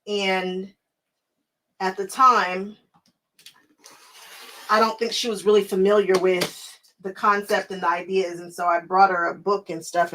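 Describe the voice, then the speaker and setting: A woman's voice: mid-range voice, a bit bright, low-quality recording. Chatty woman talking while she quilts. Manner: chatty, laughs often, answers viewers by name. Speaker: quilting channel host. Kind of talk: casual chat while crafting.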